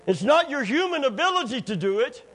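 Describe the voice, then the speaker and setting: A man preaching a sermon, telling stories and jokes, swinging between hushed moments and near-shouting fervor. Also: extremely high pitch, sing-song, a little fast, husky, poor audio. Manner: impassioned, rising to near-shouts, folksy storytelling with jokes.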